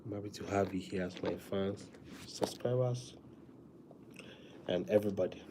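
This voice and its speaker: A man chatting casually to viewers on a live stream, talking softly with many fillers because he is feeling weak. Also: sits low, very noisy. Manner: soft, drawn-out talk with many fillers.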